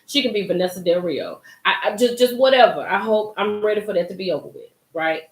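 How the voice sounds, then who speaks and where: A young woman hosting a live recap chat, animated and excitable, talking straight to her viewers by name. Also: mid-range voice, a little fast, roomy sound. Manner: animated, gets hyped and loud, talks to chat by name. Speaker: livestream host recapping a reality show.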